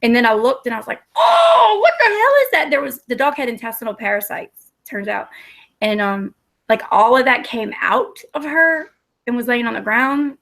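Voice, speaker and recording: A woman's voice: a little high, normal speed, vocal fry, a bit bright. A woman, telling rambling, profane, self-mocking stories in casual talk. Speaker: storyteller. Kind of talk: casual storytelling.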